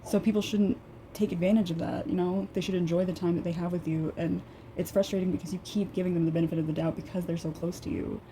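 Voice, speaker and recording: A woman's voice: on the low side, steady tone, fast talker, dark tone, a little hiss or hum. A young woman giving a casual, empathetic energy reading, chatty and full of "like" fillers. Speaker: energy reader. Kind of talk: casual spiritual reading to camera.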